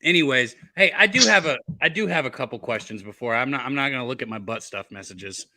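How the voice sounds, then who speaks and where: A man with a very bright, sharp voice co-hosts a podcast with crude banter. His pitch jumps around a lot as he talks. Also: animated, fast talker, dry recording. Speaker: podcast co-host. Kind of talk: casual chat.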